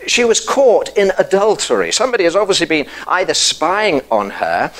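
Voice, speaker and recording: A man preaching a church sermon, earnest, lifting his voice for emphasis and dropping soft and low for tender passages. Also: very animated, moderate pace, low-quality recording. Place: church service.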